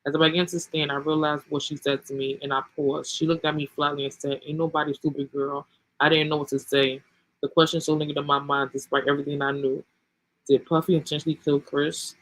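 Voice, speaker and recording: Flat-voiced man reading a book aloud. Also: on the high side, fast talker, rough recording. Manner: casual, sprinkled with um and you know. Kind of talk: casual book reading with commentary.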